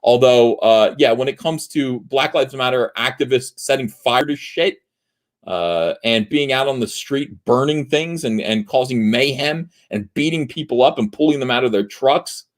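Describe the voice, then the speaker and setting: A man hosting a livestream, ranting in a heated, profane way with many filler pauses. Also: mid-range voice. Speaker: livestream host. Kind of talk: livestream commentary rant.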